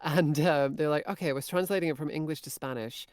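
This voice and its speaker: A woman's voice: deep voice, fast talker, a little mellow, no echo, studio quality. A woman guest in a casual podcast chat, talking with lots of fillers and restarts and laughing easily.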